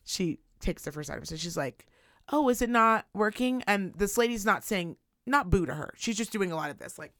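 Female co-host, profane and animated, swings her pitch widely, dry close mic. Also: brisk, few pauses, dry recording. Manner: animated, profane, acts out voices. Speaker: podcast co-host. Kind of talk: casual chat, storytelling rant.

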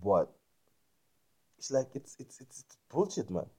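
A man rambling through a spiritual monologue, repeating himself and often checking that the listener understands, growing loud and emphatic when indignant. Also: medium pitch, big pitch swings, unhurried, breathy edge. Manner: repetitive, keeps asking "you understand me?".

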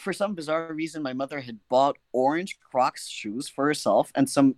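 A young man telling a funny personal story in a casual, animated, self-mocking way, often checking in with his listener. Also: a little high, brisk, no echo. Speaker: guest storyteller.

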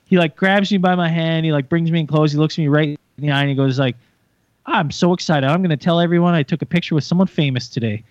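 A man's voice: fairly high pitch, fast talker, dry recording, lo-fi sound. A man hosting a podcast, telling a story animatedly with swearing and acted-out quotes. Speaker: podcast host. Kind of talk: casual chat.

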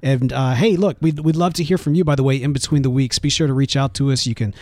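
A man's voice: mid-range voice, fairly even intonation, fast talker, a little mellow, dry recording. A man co-hosting a podcast in a casual, rambling chat who often calls his co-host "man". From United States. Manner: laid-back, rambling, often says "man".

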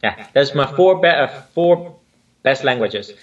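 A man's voice: mid-range voice, animated, unhurried, recorded from a distance, lo-fi sound. A man born in Spain who speaks with a mixed Spanish and Dutch accent, a choreographer chatting as a guest, often searching for words with fillers. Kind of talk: casual interview chat.

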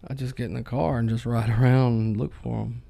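Brief: joking, gravelly man, casual and profane. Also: mid-range voice, level tone, brisk, warm tone. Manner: crude, joking, swears freely. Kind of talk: casual chat.

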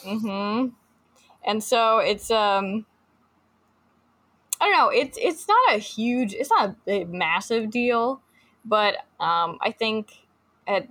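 A woman's voice: fairly high pitch, lively intonation, slow pace, pauses often, a bit bright. A woman co-hosting a podcast in casual chat, talking with many fillers and restarts and reading book passages aloud. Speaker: podcast co-host.

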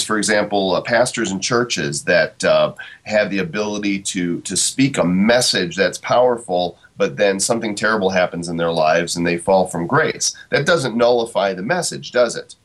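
A man's voice: lowish voice, normal speed, few pauses, fairly bright tone. A middle-aged man hosting an interview, asking reflective questions in a hesitant, conversational way. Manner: hesitant, many fillers and restarts, asks reflective questions. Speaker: interview host.

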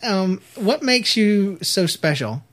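A man's voice: high-pitched, very animated, slow, fairly bright tone. A man, a father hosting a casual home show with his daughter, teasing her and laughing often. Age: adult. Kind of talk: casual playful chat.

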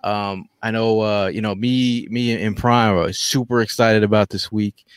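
A man's voice: fairly low pitch, fairly even intonation, a little slow, clear, resonant tone, no room sound. A man hosting a casual sports talk show, joking around and often stammering and restarting. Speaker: podcast host.

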